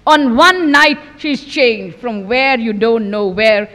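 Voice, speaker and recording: A woman's voice: fairly high pitch, slow pace. Older woman preaching in a reverberant hall. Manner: emphatic, with repetitions and dramatic drops to a hush. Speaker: spiritual teacher giving a discourse. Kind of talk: devotional discourse with storytelling.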